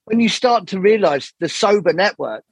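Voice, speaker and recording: A jazz saxophonist appears as a podcast guest, a man with a high, slightly breathy voice speaking at normal speed in a dry, roomless recording. He rambles candidly through animated stories and swears freely.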